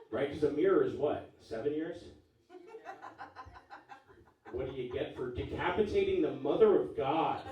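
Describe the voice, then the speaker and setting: A stand-up comedian in his forties, with a dark-toned, mid-range voice, performs a punchy, wry and profane set at a live comedy club. It's recorded from far off in an echoey room, with the audience laughing in the background.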